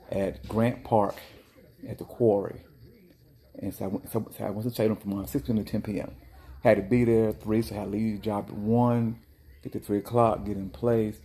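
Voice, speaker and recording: Small-business owner, male, low mellow voice, lively casual storyteller. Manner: animated, chatty storyteller with bursts of mock outrage. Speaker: dessert cart owner.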